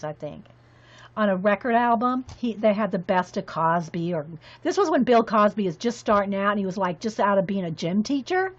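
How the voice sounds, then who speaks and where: A woman chatting casually on her craft vlog as she sorts her supplies, rambling and laughing, talking to her viewers by name. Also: mid-range voice. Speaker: craft vlogger. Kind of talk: casual chat while organizing. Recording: dull lo-fi sound.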